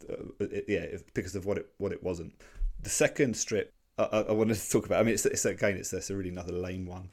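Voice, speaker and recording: A man's voice: low-pitched, fast, a little mellow. A man in his forties, casually co-hosting a podcast and rambling through his points with many restarts. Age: 40s. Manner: rambling, full of restarts and fillers. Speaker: podcast co-host. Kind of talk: casual comic-strip discussion.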